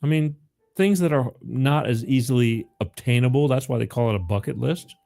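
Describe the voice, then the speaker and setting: A man's voice: medium pitch, normal speed, creaky, dark tone. A man hosting a live call-in show, talking casually and rambling, often repeating the phone number.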